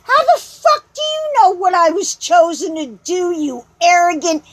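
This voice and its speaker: A woman's voice: extremely high pitch, expressive, measured pace, no echo, rough recording. A woman vlogger in an angry rant, combative, sarcastic and swearing as she reads out and answers comments.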